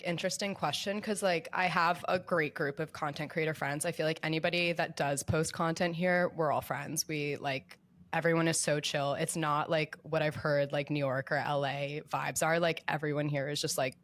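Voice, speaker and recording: A woman's voice: deep voice, fairly even intonation, normal speed. A young woman talking as a podcast guest in a casual, chatty way, with lots of filler words. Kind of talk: casual chat.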